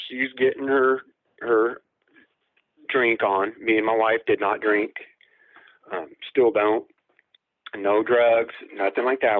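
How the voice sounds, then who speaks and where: A man's voice: fairly low pitch, no echo, poor audio. A man telling a long personal encounter story as a guest caller, rambling, with fillers and acted-out quotes.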